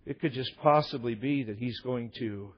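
A man preaching a sermon, voicing frightened, hesitant male disciples in a low, quiet mumble; dull lo-fi recording. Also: moderate pace, close to an everyday voice. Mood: fearful, doubtful.

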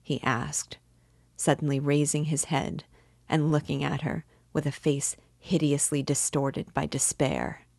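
Brief: measured female audiobook reader, unhurried, dry sound. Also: sits low, vocal fry, no room sound. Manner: measured, even narration. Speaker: reader and literature guide. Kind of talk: audiobook reading.

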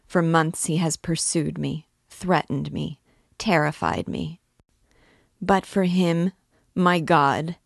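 A woman's voice: low voice, creaky, no room sound, clean studio sound, full character voice. A woman reading aloud voices a frightened young woman held prisoner, crying out in tearful pleas. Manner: pleading, tearful outcries.

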